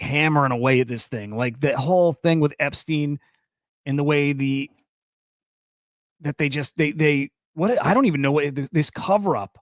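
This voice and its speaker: Excitable, profane young man streaming. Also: on the high side, dry recording, studio quality. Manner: loose, profane, rambling, excitable. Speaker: crypto and NFT news host. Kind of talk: casual live-stream commentary.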